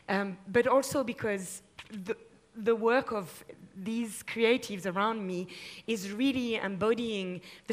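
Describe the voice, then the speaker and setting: A woman with a French accent moderating a panel discussion, talking with enthusiasm and plenty of fillers and restarts. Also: mid-range voice. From France. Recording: long hall reverb.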